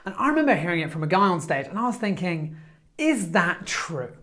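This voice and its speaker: A man giving a motivational talk, telling stories in an animated, quick way and acting out what people said. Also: sits high. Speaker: motivational speaker.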